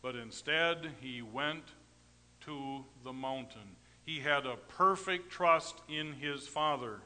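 A middle-aged man preaching a storytelling sermon, folksy and rambling, with sudden swings between loud emphasis and quiet asides. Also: medium pitch, slow, long reverb tail. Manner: folksy, rambling anecdotes with tag questions.

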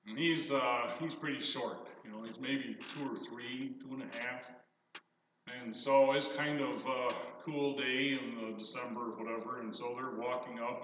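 An older man preaching a sermon, reading scripture and telling stories in an animated, emphatic way. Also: mid-range voice. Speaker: pastor. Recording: echoey hall from far off, faint noise.

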